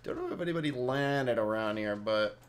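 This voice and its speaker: A man's voice: medium pitch, lively intonation, a little fast. A young Mexican-Canadian man casually rambling through live gameplay commentary and chatting with his viewers by name. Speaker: game streamer.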